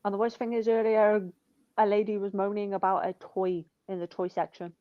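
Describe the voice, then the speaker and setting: A woman's voice: mid-range voice, level tone, normal speed, no echo, highs cut off. A woman telling blunt, sweary stories about her shop customers in casual chat.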